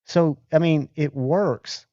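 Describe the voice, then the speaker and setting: Male streamer host, slow unhurried delivery, dark mellow tone, casual viewer chat. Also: a little high, no echo, dull audio. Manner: chatty, thanks viewers by name. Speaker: livestream host.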